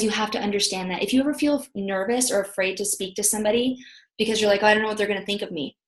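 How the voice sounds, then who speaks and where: Chatty woman coaching on an echoey call. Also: on the high side. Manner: chatty, animated storytelling with acted quotes. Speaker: team leader giving a training call. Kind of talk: motivational training talk. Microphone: video call.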